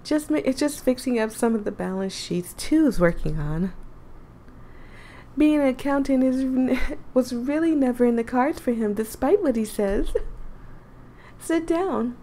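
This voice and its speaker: A woman's voice: high voice, unhurried, warm tone, slight background noise, pitched above the performer's own voice. A woman voicing a teasing, playful young woman in a dating game, reading her lines with giggles.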